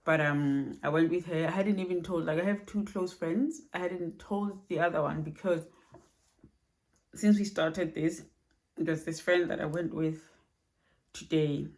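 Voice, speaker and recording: A woman speaking softly and haltingly in a personal vlog recorded at home at night, low on energy. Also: steady tone. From Australia. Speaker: vlogger.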